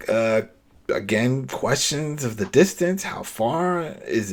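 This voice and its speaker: Male podcast co-host, somewhat deep, lively and chatty, recaps with quick laughs. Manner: animated, laughing, retelling scenes with rhetorical questions. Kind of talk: casual episode recap chat.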